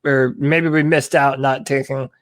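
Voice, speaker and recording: A man co-hosting a sports podcast, chatting in a casual, halting way with lots of fillers. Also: mid-range voice, level tone, no echo. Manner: chatty, hesitant with fillers and restarts. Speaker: podcast co-host.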